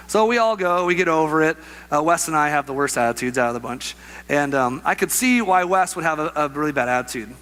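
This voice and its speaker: Bright, animated male pastor preaching. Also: fairly high pitch, brisk, clean tone. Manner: animated storyteller, acts out voices with laughs. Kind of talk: sermon with a personal story.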